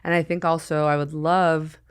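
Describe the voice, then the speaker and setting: A woman's voice: sits low, little pitch movement, moderate pace, clear, resonant tone, no echo, studio quality. A woman hosting a podcast, rambling and joking in casual chat and putting on silly voices for the people in her stories. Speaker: podcast host.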